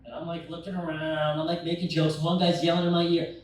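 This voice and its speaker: A young adult man telling a rambling, profane stand-up story, acting out scenes with sudden shouted quotes. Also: on the high side, level tone, a little fast. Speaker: stand-up comedian. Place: bar stage. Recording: echoey bar room from far off.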